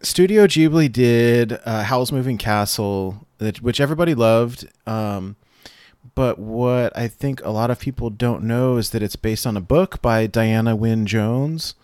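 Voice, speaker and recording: A man's voice: medium pitch, a little slow, darkish tone, clear, resonant tone, no room sound, studio quality. A man co-hosting a casual show, talking enthusiastically and rambling with fillers. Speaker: co-host. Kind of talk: casual chat.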